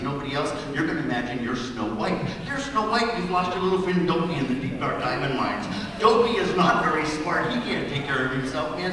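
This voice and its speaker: A male stage hypnotist talks his volunteers through slow, commanding suggestions. His voice sits fairly high and rings through a big, reverberant hall. It was caught from far back in the audience, with a loud crowd murmuring and laughing around it. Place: high school auditorium on stage. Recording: echoey auditorium taped from afar. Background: audience laughter and chatter.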